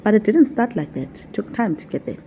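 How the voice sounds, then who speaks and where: A woman's voice: mid-range voice, sing-song, a little fast, dark tone, a little hiss or hum. A woman talking to her viewers as a spiritual teacher, repeating her points in a coaxing, affectionate way. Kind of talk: casual vlog teaching.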